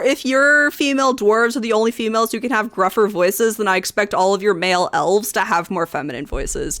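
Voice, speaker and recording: A woman's voice: mid-range voice, a bit bright, no echo. Chatty young woman, dry close mic. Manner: chatty, frequent ums and likes, laughs often. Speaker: streamer and host. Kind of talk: casual chat reading and reacting to forum posts.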